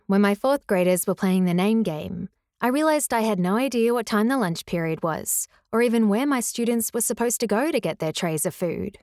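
A woman narrating her own memoir as a former teacher, in a measured, earnest and reflective way. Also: medium pitch, darkish tone, no echo, clean studio sound. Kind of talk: scripted first-person memoir narration.

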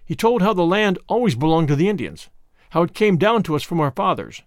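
A man reading a first-person memoir aloud in a measured, plain storytelling manner. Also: sits high, very animated, no echo, studio quality. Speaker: audiobook narrator.

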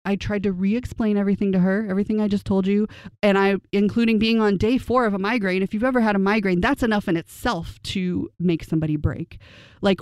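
A young adult telling a personal story to camera in an earnest, indignant way, the voice climbing high whenever the telling turns upset. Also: fairly even intonation, brisk, a little mellow, clear, resonant tone, dry recording. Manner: earnest and indignant, pitch rising sharply when upset. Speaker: storyteller recounting a personal experience. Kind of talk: emotional first-person storytelling.

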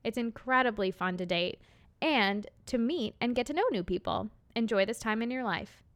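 Midwestern woman, podcast co-host, playful and chatty. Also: on the high side. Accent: Midwestern American. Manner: bubbly, teasing, quick to laugh. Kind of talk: casual chat.

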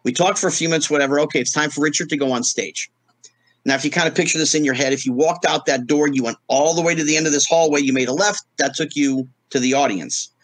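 A man's voice: a little high, quick pace, no echo. A middle-aged man, a guest in a casual interview, telling stories and acting out the voices of the people in them. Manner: animated storyteller acting out quoted voices.

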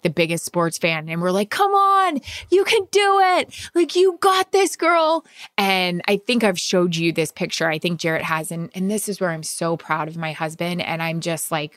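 A woman's voice: lowish voice, no room sound, clean studio sound. Emotional woman telling a personal story. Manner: emotional storytelling with excited bursts. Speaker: podcast co-host. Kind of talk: casual chat.

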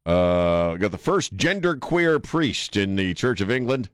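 A sarcastic male talk radio host with a lowish voice and a wry, mocking delivery. He sounds dry and close to the studio mic, with no room sound, riffing loosely between jokes and comments. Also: sing-song, measured pace, few pauses, no room sound. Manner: sarcastic, mocking, joking asides. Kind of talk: casual talk radio monologue.

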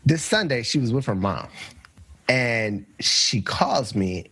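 A man hosting a casual chat, telling stories in a relaxed way and setting up the question of the week. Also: mid-range voice, slow, husky. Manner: relaxed storyteller who sets up questions for the others. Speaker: podcast host.

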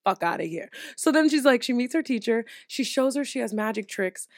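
A young woman hosting a casual studio chat, animated and swearing freely between laughs. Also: fairly high pitch, brisk, no room sound. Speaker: podcast host.

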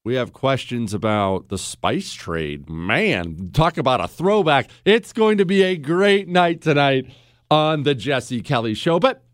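A man hosting a talk radio show, delivering a sarcastic, animated monologue into a studio mic. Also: mid-range voice, measured pace, no room sound.

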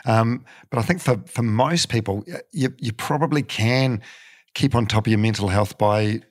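A man's voice: fairly low pitch, normal speed. A middle-aged man, hosting a casual interview and talking frankly, with the odd swear word. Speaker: podcast host.

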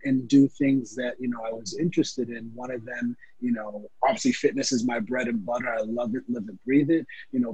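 A man answers interview questions about his fitness work in a husky, breathy voice with a gravelly edge. He talks earnestly and fills his pauses with um and you know. The audio is dry and muffled, as if from a remote call. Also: medium pitch, a little mellow, no echo. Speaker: fitness trainer and guest.

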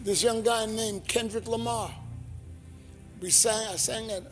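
A male pastor preaching a sermon, telling lively stories and acting out voices. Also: sits high, unhurried, over loud music. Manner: animated, acts out voices in his stories. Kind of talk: sermon storytelling.

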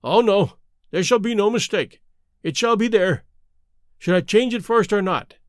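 Man reading a blustering old bully of a trainer, high animated voice, dry sound. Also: normal speed, no echo. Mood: cowed. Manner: blustering, angry. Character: fierce, bullying elderly male horse trainer.

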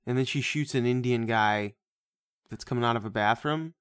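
Male podcast co-host, mid-pitch, foul-mouthed and sarcastic, dry close sound. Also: normal speed, a bit bright, clear, resonant tone, no room sound. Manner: profane, sarcastic, laughs often. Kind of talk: casual movie-review chat.

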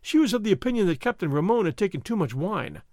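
A man's voice: high-pitched, big pitch swings, fast talker, a little mellow, no echo, studio quality. A man reading aloud and voicing an anxious older noblewoman, a mother, who speaks in a fussy, emphatic way.

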